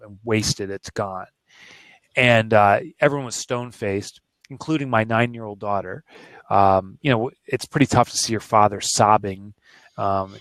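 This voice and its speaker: A man's voice: fairly low pitch, a bit bright, no echo. A man in his forties, an author being interviewed, telling a candid personal story in an earnest, emotional, plain-spoken way. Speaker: author and guest.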